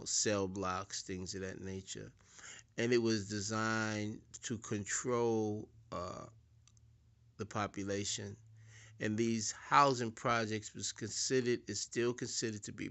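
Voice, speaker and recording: Slow, low-voiced man lecturing. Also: creaky. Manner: deliberate, repeats words, swells louder for emphasis. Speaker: speaker giving a talk. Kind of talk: preaching-style lecture.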